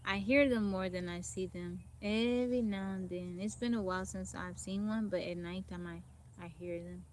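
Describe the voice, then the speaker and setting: Out in the forest, a chatty livestream host greets her viewers by name and reads out their comments. She speaks at normal speed in a mid-range voice with fairly even intonation, against slight background noise.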